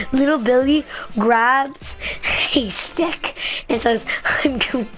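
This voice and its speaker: A woman vlogger telling a story in a rambling, excitable way, full of fillers. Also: a little high, extremely slow, soft background music. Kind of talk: casual storytelling vlog.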